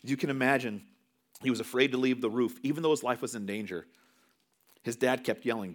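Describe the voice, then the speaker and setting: A man in his thirties preaching a sermon, earnest, swinging between loud emphasis and hushed, quiet lines. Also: on the low side, fairly quick. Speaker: pastor.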